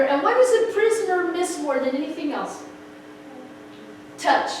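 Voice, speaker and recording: A middle-aged woman telling a personal testimony with expressive, story-driven delivery. She acts out the people in her story and her voice rises sharply at emotional moments. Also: very high-pitched, normal speed. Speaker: speaker sharing a personal testimony. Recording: echoey room, far from the mic, background noise.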